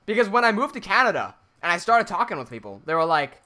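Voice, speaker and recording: A man's voice: sits high, sing-song, fast talker, few pauses, bright, forceful tone. A man from Hong Kong with an American-sounding accent, chatting casually on a Minecraft livestream and reading viewer messages aloud. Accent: American-sounding English. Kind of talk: casual livestream chat while building.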